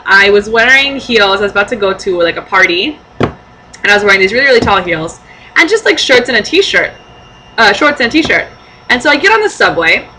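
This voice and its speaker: A woman's voice: mid-range voice, sharp tone, a little hiss or hum, low-quality recording. A young woman vlogger telling funny stories casually to camera, with many fillers and laughing asides.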